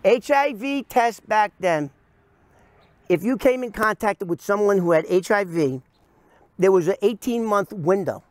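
A man's voice: sits high, lively intonation, a little slow, no echo. A middle-aged man telling a story in a casual way to camera, acting out the quoted voices with animation.

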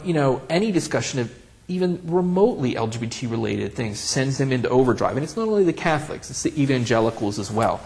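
Gravelly man telling wry stories. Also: medium pitch. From Central Pennsylvania. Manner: wry, animated, acts out quotes when storytelling. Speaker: oral history interviewee. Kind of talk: candid conversational storytelling.

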